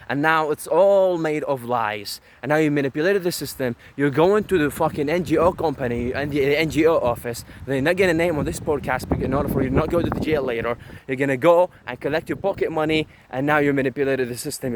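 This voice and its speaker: A man's voice: fairly high pitch, slight background noise, rough recording. A man vlogging while walking along a street outdoors, ranting in a brash, profane, boastful way. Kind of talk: walking vlog rant.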